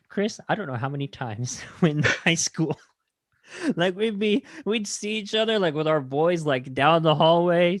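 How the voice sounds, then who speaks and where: A man's voice: a little high, expressive, moderate pace, no echo. Male podcast host, eager rambling film recap, dry close sound. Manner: enthusiastic, rambling recap with quoted movie lines. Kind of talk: casual film review chat.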